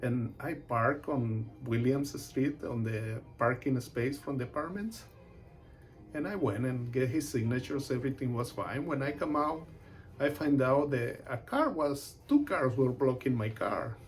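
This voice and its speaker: A man, a real estate agent, telling a personal story in an animated way and acting out the voices of its people. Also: medium pitch, a little slow.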